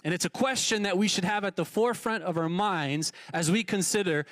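A man with a notably high voice preaching in a church, speaking casually and often stumbling over repeated words. The sound is dry and close. He throws rhetorical questions at the congregation as he goes. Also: brisk, a bit bright, dry recording. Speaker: pastor. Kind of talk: sermon. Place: church sanctuary.

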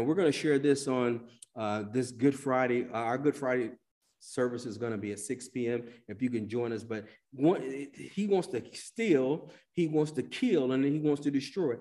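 Preaching man with swinging dynamics. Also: medium pitch. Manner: dynamic preacher, swings between loud emphasis and hushed drops; acts out quoted voices in colloquial speech. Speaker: pastor. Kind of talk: sermon.

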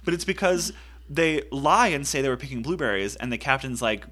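A man's voice: mid-range voice, lively intonation, brisk, pushed and bright. A man co-hosting a podcast, chatting casually about a film, laughing often and playful. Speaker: podcast co-host. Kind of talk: casual chat recapping a film.

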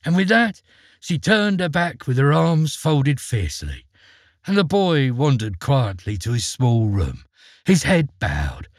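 A man narrating a fairy tale in an expressive, dramatic storytelling manner. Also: on the high side, dry recording, studio quality.

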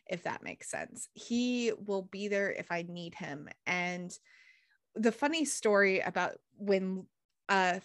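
A woman, a podcast guest telling a story in a lively, laughing way. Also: medium pitch, dry recording, studio quality. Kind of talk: casual interview storytelling.

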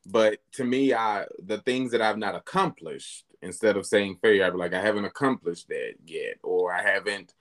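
A man hosting a podcast in a casual, heartfelt chat, speaking candidly and getting animated as he recounts his own thoughts. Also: on the low side, normal speed, few pauses. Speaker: podcast host.

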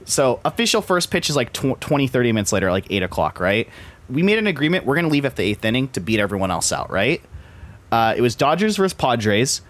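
A man's voice: mid-range voice, very animated, fast talker, a bit bright. A man hosting a podcast, telling rambling stories in casual chat with many fillers. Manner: rambling storyteller, heavy use of filler "like". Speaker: podcast host.

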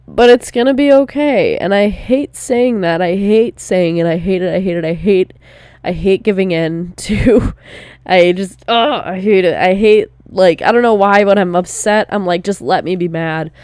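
A woman's voice: medium pitch, darkish tone, smooth, no echo, studio quality. A young woman in her twenties talking candidly in a personal vlog, casual, with lots of fillers and swearing. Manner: slow, drawn-out delivery. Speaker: vlogger.

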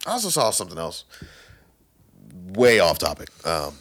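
A man's voice: sits low, huge pitch swings, normal speed, fairly bright tone. A young man in casual chat, telling stories full of swearing and acting out what people said. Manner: profane storytelling, acts out quotes with laughter. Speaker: podcast co-host.

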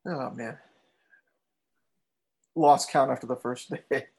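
A man co-hosting a podcast in casual chat, laid-back and quick to laugh. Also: medium pitch, creaky, a little mellow, slightly rough. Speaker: podcast co-host.

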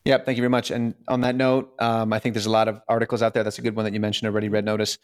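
A man's voice: on the low side, level tone, very fast, clear, resonant tone, dry recording, studio quality. Podcast co-host, male, earnest, lots of restarts and rhetorical questions. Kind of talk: casual podcast discussion.

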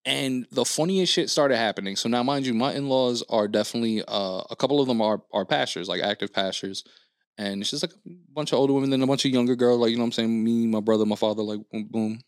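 Dude on a podcast telling a story, super animated, acts out everybody's lines, swears a lot, dry close mic. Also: male voice, medium pitch, fast talker, no room sound. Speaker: podcast co-host. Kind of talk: casual storytelling chat.

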